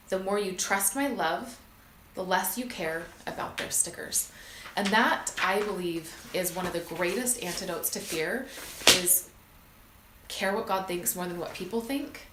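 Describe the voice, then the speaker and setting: A woman's voice: lowish voice, background noise. Earnest woman in a roomy space. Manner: earnest, emotional, many fillers. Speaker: podcast host. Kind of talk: heartfelt motivational talk.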